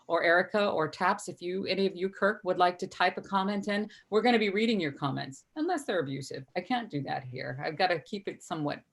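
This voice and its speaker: A woman's voice: fairly low pitch, fairly quick, hardly any pauses. A woman hosting a live-stream discussion over a video call, chatty and earnest, reading viewer comments aloud. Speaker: host.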